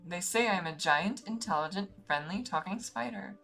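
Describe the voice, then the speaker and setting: Lady doing a cute chirpy giant spider voice, friendly and bouncy, kinda high. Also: normal speed, creaky, fairly bright tone, faint music behind. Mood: cheerful. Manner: bouncy, cheerful, childlike.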